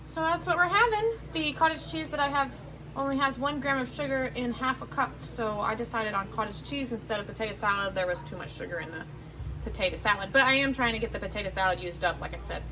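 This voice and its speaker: Talking quickly in a slightly high voice, a woman chats and rambles while making dinner in her kitchen at home, often correcting herself. The handheld phone she films with captures a noisy background.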